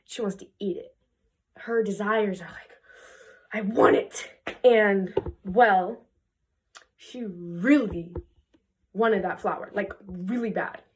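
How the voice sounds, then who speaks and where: A young woman casually retelling a fairy tale for her video, chatty and full of fillers, jumping into quick voices for the characters. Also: mid-range voice. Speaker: video creator.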